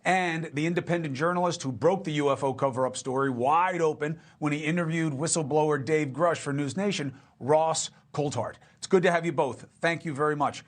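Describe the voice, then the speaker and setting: A man's voice: on the high side, brisk, hardly any pauses. A man hosting a cable news interview, asking punchy, emphatic questions. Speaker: TV news host.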